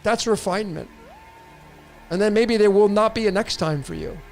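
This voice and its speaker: Man, tarot livestream host, loose and rambling with restarts, higher voice. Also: brisk, gravelly, darkish tone, faint music behind. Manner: rambling, repetitive restarts, casual swearing. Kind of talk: casual livestream reading.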